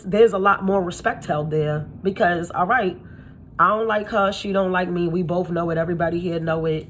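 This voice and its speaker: A young adult woman, a spiritual reader, giving blunt, profane and slangy advice in a casual monologue. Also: slight background noise. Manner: acts out quoted people in high gushing voice.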